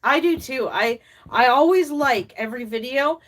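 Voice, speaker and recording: An older woman hosting a casual live stream, chatting and reading viewer comments, rambling with lots of fillers and laughs, sometimes dropping into soft cooing baby talk. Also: high-pitched, animated, moderate pace, recorded from a distance. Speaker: reborn doll artist and collector hosting a live stream.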